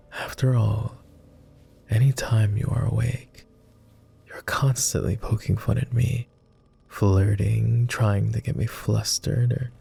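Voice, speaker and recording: A man voicing a jaded, tender immortal vampire in a whispered role-play, with a posh British accent and a slow, gentle, teasing manner. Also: heavily acted. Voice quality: low, gravelly and soft.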